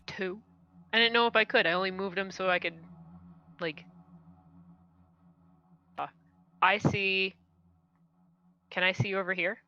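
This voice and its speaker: A woman's voice: mid-range voice, steady tone, measured pace, long pauses, bright, forceful tone, dull audio. A woman playing in a tabletop game, talking in a casual, chatty way. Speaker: player. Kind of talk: casual chat.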